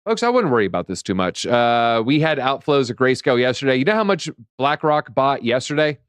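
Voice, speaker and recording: A man's voice: medium pitch, big pitch swings, brisk, clean tone, no echo. A man co-hosting a casual crypto news show, reading headlines aloud and joking between them. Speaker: co-host.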